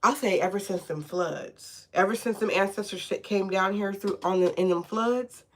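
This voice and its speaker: Casting: chatty woman tarot reader, casual live reading at home, mid-pitched and loose. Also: moderate pace. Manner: chatty, checks in with "okay?" often.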